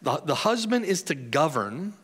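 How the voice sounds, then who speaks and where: A man's voice: fairly high pitch, very animated, normal speed, fairly bright tone, breathy edge. A pastor giving a conversational sermon, reading scripture and putting questions to his congregation. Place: church hall. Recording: long hall reverb.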